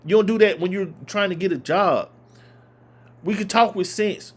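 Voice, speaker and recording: A man delivers heated reaction commentary. His voice sits fairly high and he drives each point home by saying it again. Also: animated, moderate pace. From Southern United States. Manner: emphatic, repeating points for force. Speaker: reaction video host. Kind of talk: opinionated commentary.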